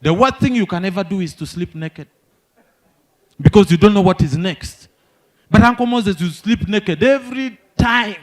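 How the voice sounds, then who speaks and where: A young Ugandan man from the north doing stand-up, telling animated stories and talking to the crowd. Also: sits high. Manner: animated, quick storytelling with crowd asides. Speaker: stand-up comedian. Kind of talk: stand-up comedy storytelling.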